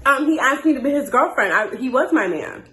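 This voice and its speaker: Young woman, lively storyteller, big pitch swings, roomy echo. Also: a little fast. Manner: animated, jumps to high voices when quoting. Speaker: story time host. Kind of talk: casual storytelling.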